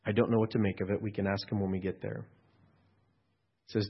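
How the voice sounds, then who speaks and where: Husky male pastor preaching conversationally. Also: fairly low pitch, flat delivery, fairly quick. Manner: conversational storytelling with rhetorical questions. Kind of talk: sermon. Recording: dull lo-fi recording.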